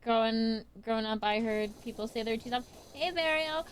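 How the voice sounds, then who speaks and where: Chatty higher-voiced woman streamer. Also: completely flat delivery, brisk, smooth. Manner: rambling, swears casually, frequent restarts. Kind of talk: casual live-stream chat.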